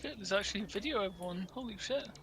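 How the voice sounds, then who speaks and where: A woman's voice: mid-range voice, quick pace, a little hiss or hum. A woman cohosting a casual podcast, retelling a story in a chatty, offhand way.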